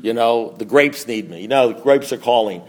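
A man's voice: medium pitch, normal speed, darkish tone. A middle-aged man telling a self-mocking story at a support meeting, rambling with restarts and asides to the audience. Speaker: recovery meeting speaker.

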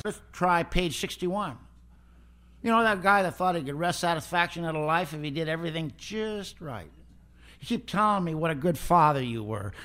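A man's voice: fairly high pitch, fairly bright tone, pitched above the performer's own voice. A man voicing a blunt older male priest who scolds him while retelling a story. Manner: scolding, lecturing.

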